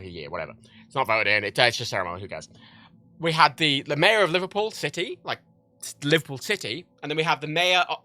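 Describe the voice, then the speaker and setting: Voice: medium pitch, sharp tone, dry recording. A livestreamer ranting heatedly and profanely in casual talk while playing a game.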